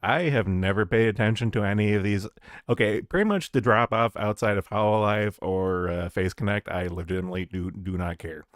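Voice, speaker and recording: A man's voice: on the low side, fairly quick, dry recording. Sarcastic man, dry close sound. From Canada. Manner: sarcastic, swears, reads chat aloud. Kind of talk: casual chat.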